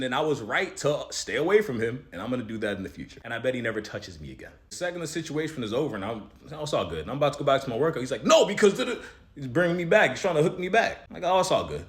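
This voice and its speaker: A man speaking quickly in a motivational monologue. His pitch rises and falls a lot as he tells his story. He sounds like a casual storyteller giving life advice. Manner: animated, conversational storytelling with advice to listeners.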